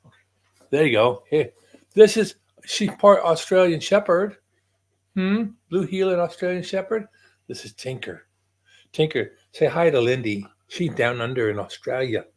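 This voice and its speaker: A man's voice: medium pitch, normal speed. An older man hosting a casual livestream from home, chatting in a rambling way and greeting viewers by name. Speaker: livestream host.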